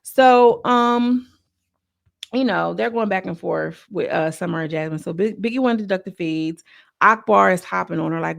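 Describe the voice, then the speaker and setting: A woman recapping a reality show in casual, slangy commentary, breaking into quick mocking impressions of the cast. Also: lowish voice, gravelly, no room sound. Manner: chatty, slangy, quotes cast members in mocking voices.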